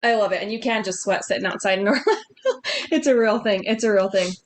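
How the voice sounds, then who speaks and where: A woman's voice: mid-range voice, quick pace. A woman business coach giving upbeat, chatty sales coaching on a group video call, laughing often.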